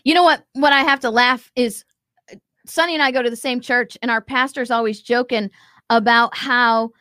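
A woman's voice: a little high, steady tone, moderate pace, bright, forceful tone, no echo. A woman hosting a commentary show, talking emphatically and acting out quotes as she reacts to a video. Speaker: show host.

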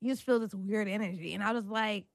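A woman in casual chat, talking in a relaxed, halting way and trailing off into fillers. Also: mid-range voice, vocal fry, no room sound.

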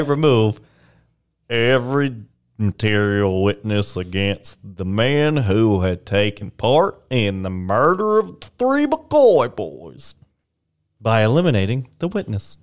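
A man's voice: fairly low pitch, big pitch swings, takes it slowly. A young man casually reading old newspaper history on a podcast, with playful asides and the odd put-on voice.

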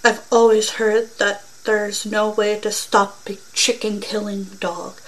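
A woman reading the part of a blunt neighbor woman who talks in a brisk, matter-of-fact way. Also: medium pitch, flat delivery, lightly acted, low-quality recording. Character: blunt country woman neighbor, middle-aged.

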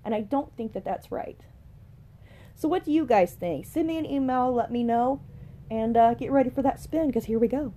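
A woman's voice: fairly high pitch, normal speed, warm tone, soft background music. A woman hosting a casual true-crime podcast from home, chatty and opinionated, talking straight to her listeners. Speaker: podcast host. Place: home room with pets and a rooster nearby.

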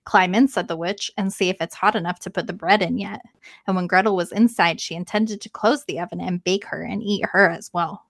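A woman's voice: on the low side, steady tone, fairly quick, vocal fry, no echo, clean studio sound. A woman co-hosting a podcast, reading a fairy tale aloud and breaking off to joke and comment on it. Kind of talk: casual read-aloud with banter.

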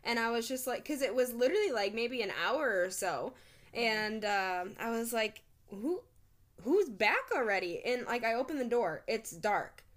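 Rambling young woman storyteller, higher voice. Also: moderate pace. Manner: rambling and animated, swears freely, laughs a lot. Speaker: podcast co-host. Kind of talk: casual storytelling chat.

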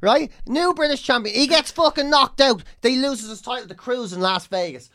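A man's voice: very high-pitched, moderate pace, fairly bright tone, no room sound, clean studio sound. An Irish man co-hosting a podcast, chatting casually and ranting with lots of swearing. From Ireland. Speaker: podcast co-host, comedian.

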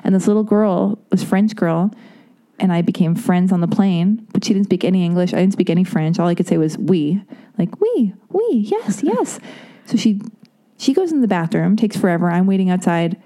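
A woman's voice: on the low side, brisk, mellow. Rambling, candid woman podcast host. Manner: candid, rambling, self-deprecating. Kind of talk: casual podcast chat.

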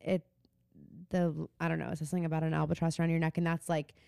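Woman, podcast co-host, casual chat, chatty, smooth voice. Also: sits low, little pitch movement, fast, mellow, no echo, clean studio sound. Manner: chatty, acts out characters' lines with a laugh. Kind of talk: casual chat recapping a TV show.

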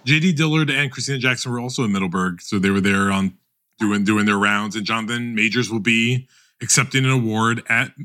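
A man hosting a podcast, talking animatedly in a casual roundtable chat with many quick restarts. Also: fairly low pitch, fairly even intonation, bright, forceful tone. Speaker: podcast host.

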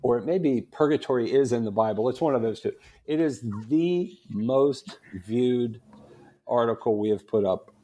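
A man as a guest on a podcast interview, an animated storyteller who laughs often. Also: mid-range voice, normal speed. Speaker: guest, Catholic apologist.

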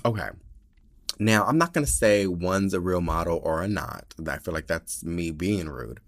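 A man's voice: low voice, normal speed, no echo. Sassy, profane man reading listener letters. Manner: sassy, profane, animated storytelling. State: tired. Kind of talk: casual chat.

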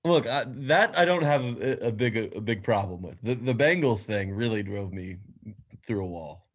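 Male co-host, lowish pitch, laid-back bantering podcast talk. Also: lively intonation, normal speed, husky. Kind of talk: casual sports podcast chat.

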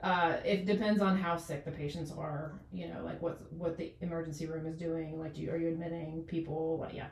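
Her voice sits low, flat and slightly fast, with vocal fry and few pauses: a doctor in her forties chatting casually as an interview guest. She rambles, full of fillers and restarts, recorded far from the mic in an echoey room.

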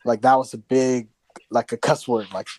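A man with a dark, mellow voice talks loosely on a podcast, circling back and restarting his sentences as he goes. He drops the odd curse word along the way. His voice sounds dry and close, with no room around it. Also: mid-range voice, steady tone, moderate pace, no room sound. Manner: rambling with many restarts, swears casually. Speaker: podcast co-host. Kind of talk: casual podcast chat.

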